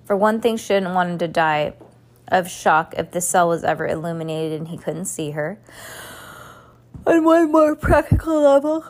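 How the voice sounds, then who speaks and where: Woman reading a novel aloud. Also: lowish voice. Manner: expressive, unhurried read-aloud with voiced characters.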